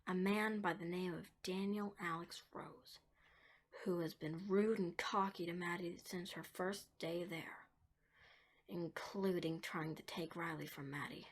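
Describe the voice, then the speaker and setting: A woman narrating a dark story, moving between hushed whispers and emphatic lines. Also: on the low side, steady tone, measured pace.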